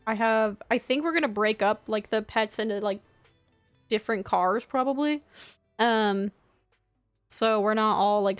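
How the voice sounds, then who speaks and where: A young woman vlogging from her desk at home, chatting casually and telling stories with lots of swearing. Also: mid-range voice. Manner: chatty, swears often, animated storytelling. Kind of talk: casual chat.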